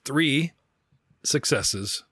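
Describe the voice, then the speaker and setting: Man, game master, chatty and laughing, bright voice, dry close sound. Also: medium pitch, lively intonation, drawn-out words, breathy edge, dry recording. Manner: chatty, laughs often, acts out side characters. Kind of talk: narrating a tabletop game.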